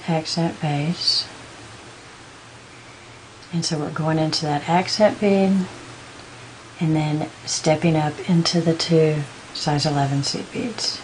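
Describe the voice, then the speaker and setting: Low-voiced woman teaching beadwork. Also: slight background noise, rough recording. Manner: patient, counts beads aloud in slow steps. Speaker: beading instructor. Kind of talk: step-by-step craft tutorial.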